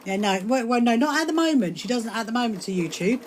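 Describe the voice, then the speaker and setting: A woman's voice: fairly high pitch, fast, slight background noise. Chatty woman hosting a sewing live stream. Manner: chatty and rambling, with bursts of excitement. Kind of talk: casual live-stream chat answering viewer comments. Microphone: phone streaming live.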